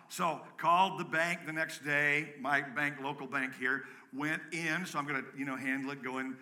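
A man preaching a live sermon to his congregation, energetic and joking, rallying the room with calls and shouts. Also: fairly high pitch, moderate pace, hardly any pauses. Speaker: pastor. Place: church sanctuary with a congregation.

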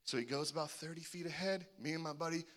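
A man in his forties preaching a sermon, an animated storyteller who acts out the voices in his stories. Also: on the high side, fast. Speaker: pastor.

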